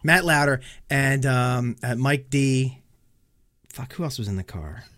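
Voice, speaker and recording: A man's voice: mid-range voice, a little slow, no room sound, clean studio sound. A man co-hosting a casual podcast chat, telling stories with a lot of swearing and acting out his own angry outbursts. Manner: profane animated storytelling, acts out his own rage. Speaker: podcast co-host.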